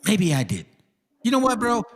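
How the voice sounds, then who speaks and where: Profane ranting man, higher voice. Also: huge pitch swings, moderate pace, fairly bright tone, a little hiss or hum. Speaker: stream host. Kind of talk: casual reaction commentary.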